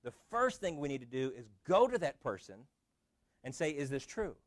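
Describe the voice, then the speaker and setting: A man's voice: on the high side, sing-song, normal speed, no room sound. A man preaching a sermon as pastor in a conversational way, often restarting with fillers.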